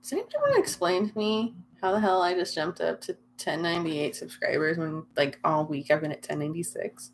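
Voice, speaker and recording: A woman's voice: lowish voice, big pitch swings, fairly quick, few pauses, slight background noise. A young woman hosting a casual livestream, chatting and teasing her viewers and laughing often. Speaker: livestream host. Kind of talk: casual livestream chat reading comments.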